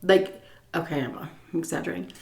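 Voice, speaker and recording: Food vlogger lady chatting a story while she eats, giggles often, mid pitch. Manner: chatty, laughs often, pauses to eat. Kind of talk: casual storytelling while eating.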